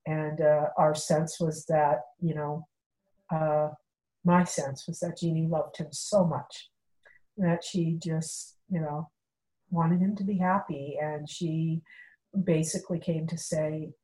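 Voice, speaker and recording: A woman's voice: deep voice, slow, low-quality recording. Chatty woman telling a story. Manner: animated, acts out quoted dialogue, many fillers. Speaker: guest telling a personal story. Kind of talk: casual storytelling.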